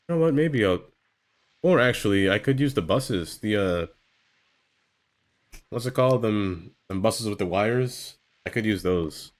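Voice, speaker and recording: A man's voice: on the low side, animated, measured pace, long pauses. A man streaming live, chatting casually to himself as he builds in a game, rambling and trailing off into fillers.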